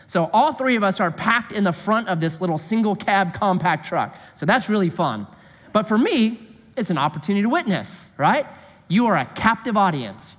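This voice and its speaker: A middle-aged man preaching a sermon as a comic story, animated and exclaiming, with a long hall echo. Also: high-pitched.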